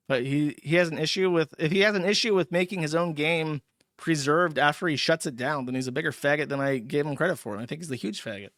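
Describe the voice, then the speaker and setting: Crude sneering man host, bright voice. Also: a little high, dry recording, clean studio sound. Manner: profane, sneering, blunt. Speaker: livestream host reading viewer messages. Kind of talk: crude mocking livestream commentary.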